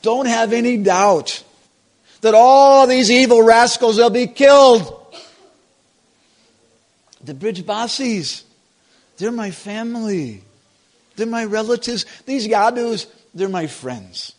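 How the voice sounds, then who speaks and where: A man's voice: extremely high pitch, expressive, slow, long pauses, pitched above the performer's own voice, heavily acted. A man voicing Krishna, an earnest, reassuring youthful divine son, in a devotional story retelling.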